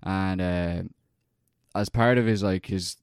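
Rambling man, low dry voice. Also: fairly even intonation, takes it slowly, clear, resonant tone, no room sound. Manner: rambling, profane, heavy on fillers. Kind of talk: casual chat.

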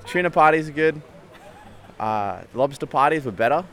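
A man's voice: a little high, animated, moderate pace, fairly bright tone. A young man with an Australian accent answering an interview question in an easygoing, rambling way. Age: young adult.

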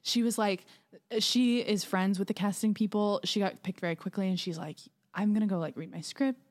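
A woman's voice: mid-range voice, fairly even intonation, fairly quick, a little mellow. A young woman co-hosting a podcast, telling a story in casual chat with lots of fillers and restarts. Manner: chatty storytelling with many fillers. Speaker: podcast co-host.

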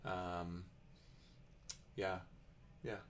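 A man's voice: low voice, level tone, drawn-out words, slight background noise. A man from Canada, a business owner chatting as a guest in a laid-back, rambling way with many fillers. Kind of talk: casual podcast chat.

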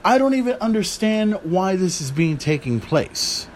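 A man's voice: high voice, sing-song, normal speed, slight background noise. A man hosting a podcast, ranting casually about wrestling with profane, exasperated rambling. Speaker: podcast host. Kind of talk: casual wrestling commentary rant.

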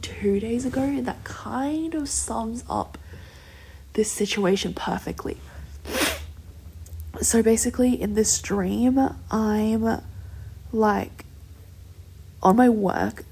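A young woman telling a long personal story in a casual, rambling way, full of "like" fillers and slipping into soft whispers. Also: mid-range voice, creaky, husky.

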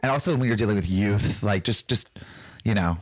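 With a Southern accent from his North Carolina roots, this man chats as a podcast guest and slips briefly into mock voices. He has a lowish voice, captured in a dry recording.

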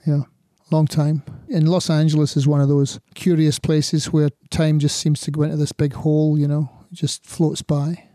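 Soft-spoken man with mild Scottish accent. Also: fairly high pitch, little pitch movement, moderate pace, hardly any pauses, dry recording, clean studio sound. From Scotland. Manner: reflective, rambling, says "you know" often. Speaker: guest musician. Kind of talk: casual interview chat.

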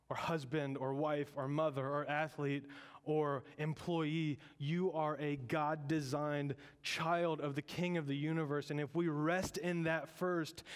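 A male pastor preaching in a slightly high voice. He talks in a lively, conversational way and slips in joking asides. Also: clean tone. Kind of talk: sermon.

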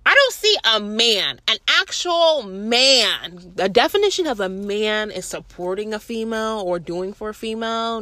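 A young woman tells a story in an animated, indignant way and swears heavily. Her voice is bright and high, and it swings widely in pitch. The recording is close and dry. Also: no echo. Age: young adult. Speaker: vlogger. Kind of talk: casual storytime monologue.

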